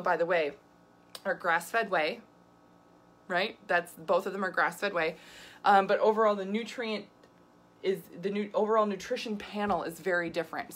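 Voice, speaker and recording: A woman's voice: medium pitch, a bit bright. A woman nutrition coach talking casually and animatedly, exasperated, with frequent laughs and asides. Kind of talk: casual talk to camera.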